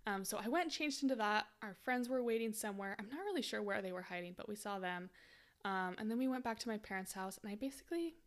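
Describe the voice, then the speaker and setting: A woman's voice: medium pitch, animated, fast. A woman in her twenties hosting a podcast, telling a story casually with lots of "like" fillers and laughter. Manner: chatty, frequent "like" fillers, laughs while telling. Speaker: podcast host.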